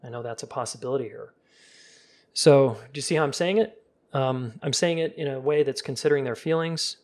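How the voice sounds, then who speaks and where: Brisk and mid-range in pitch, a man gives relationship advice in a casual live stream, speaking relaxed and directly to his viewers. As a relationship coach, he softens his voice to act out calm example conversations.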